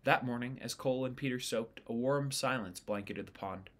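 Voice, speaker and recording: A man reading a novel chapter aloud in a steady, unhurried storytelling way. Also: medium pitch. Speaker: audiobook reader.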